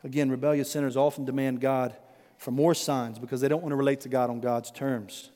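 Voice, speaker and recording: A man's voice: mid-range voice, steady tone, brisk, warm tone, big-room sound. A man preaching a sermon in a conversational way, calling his listeners friends. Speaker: pastor.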